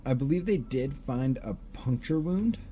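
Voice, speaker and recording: A man's voice: medium pitch, animated, moderate pace, warm tone, a little hiss or hum. A man hosting a podcast, recounting a case in casual chat with frequent fillers. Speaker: podcast host.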